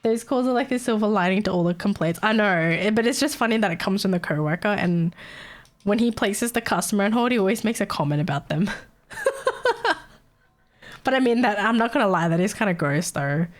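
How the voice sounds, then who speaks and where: A woman's voice: medium pitch, brisk. A young woman streaming live, chatting casually with her viewers, chatty and giggly and swearing freely.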